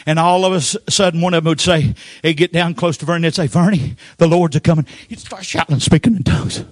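An older man preaching a Pentecostal sermon, telling folksy stories with frequent amens and sudden shouted outbursts. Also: a little high, steady tone, fast, dry recording, studio quality.

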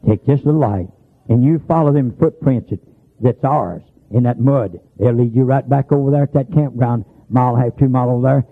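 A man's voice: medium pitch, fairly quick. A man preaching a sermon in a folksy, storytelling manner that climbs to emphatic hollers. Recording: tinny phone-like sound.

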